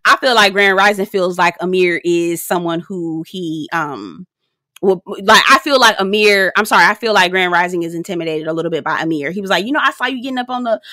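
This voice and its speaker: A woman, sassy and animated, recapping a reality show in a casual vlog, swearing freely. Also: a little fast, dry recording, studio quality. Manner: sassy, animated, swears freely, slips into high-pitched impressions.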